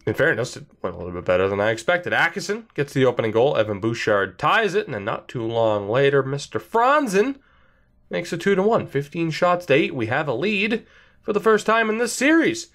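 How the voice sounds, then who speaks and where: Male game commentator, sarcastic, slightly high voice, swinging pitch. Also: sing-song, moderate pace, a bit bright. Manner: sarcastic, self-mocking. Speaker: gaming channel host. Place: indoor room by a wall. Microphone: desk mic facing camera.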